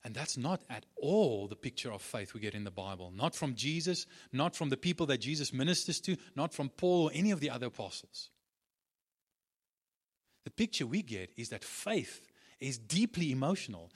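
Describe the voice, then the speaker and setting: A man's voice: on the high side, very animated, moderate pace. A man preaching a sermon, driving points home with repeated phrases and talking with frequent restarts and fillers. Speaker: pastor.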